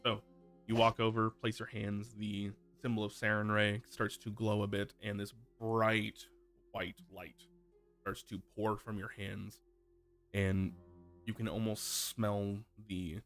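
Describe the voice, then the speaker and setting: A man narrating a tabletop game as game master, describing scenes in an unhurried, vivid way. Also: lowish voice, little pitch movement, fairly bright tone, faint music behind.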